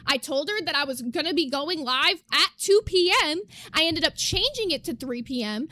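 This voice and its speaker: A woman's voice: high-pitched, lively intonation, moderate pace, sharp tone. A young woman streamer ranting to her live chat, emphatic, profane and indignant as she lays out her side.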